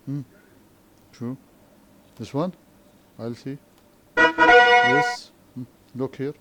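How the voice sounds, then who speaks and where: A man with an Arabic accent teaching an English lesson, speaking slowly and checking understanding with repeated questions. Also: mid-range voice, steady tone, heavy background noise. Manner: slow, repetitive, frequent questioning tags. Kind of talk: classroom lesson explanation.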